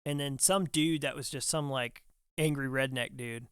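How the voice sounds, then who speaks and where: A young adult man, a firefighter guest on a podcast, telling a story casually and acting out what other people said in quick quoted bits. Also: medium pitch, a bit bright, clear, resonant tone, no echo, clean studio sound. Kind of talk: animated storytelling in casual conversation.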